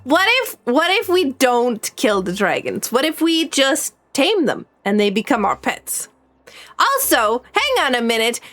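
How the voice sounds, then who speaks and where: A woman streamer commenting live on a video game as she plays, excitable and full of gasps and exclamations. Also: fairly high pitch, measured pace.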